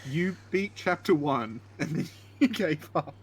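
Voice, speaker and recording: A man's voice: a little high, lively intonation, measured pace, slightly rough. A man joking and teasing casually while watching a friend play a game. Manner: teasing, jokey banter. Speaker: co-host. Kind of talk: casual let's-play chat.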